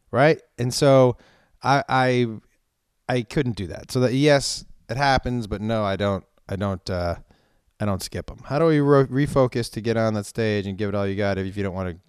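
A comedian telling stories in casual chat, swearing often and ranting with animation. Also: male voice, medium pitch, smooth, no echo, studio quality. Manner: profane, animated storytelling rants.

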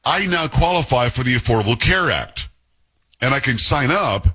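Chatty, husky-voiced radio host man. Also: medium pitch, lively intonation, moderate pace, bright, forceful tone. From Texas. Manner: chatty, exasperated storytelling. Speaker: radio talk show host. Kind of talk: casual talk radio monologue.

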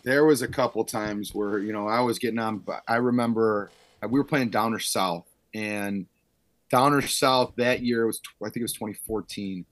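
A man in his thirties, a high school football coach, telling stories in a casual podcast chat and acting out what people said, with frequent laughs. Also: moderate pace, no room sound. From Illinois, Chicago suburbs. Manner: storytelling, acts out quotes loudly, laughs often.

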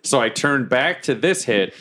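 A man's voice: medium pitch, lively intonation, sharp tone. A man with a mid-range voice plays a tabletop game, talking through his character's attacks in a casual, easygoing way. He speeds up when explaining what he does. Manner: casual, quick when describing his actions. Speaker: player.

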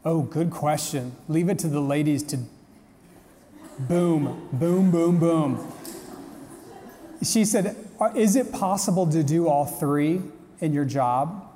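Young man, motivational speaker, slightly high voice, mellow tone, long hall reverb. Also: animated, normal speed, slight background noise. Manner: upbeat, joking, addresses the crowd. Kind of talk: casual talk to a live audience.

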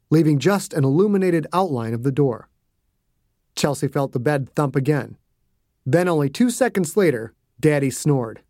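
A man who is the author, narrating his audiobook in a hushed, suspenseful way. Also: fairly high pitch, no room sound, studio quality.

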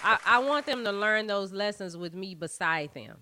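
A woman co-hosting a podcast and chatting in a relaxed, conversational way. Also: medium pitch, normal speed, a crowd in the background. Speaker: podcast co-host. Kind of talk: casual chat.

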